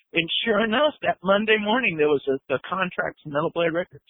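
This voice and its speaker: A man telling a lively story as a guest musician, laughing and swearing as he acts out what others said, on a phone line. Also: sits high, moderate pace, husky, dry recording. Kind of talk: animated storytelling.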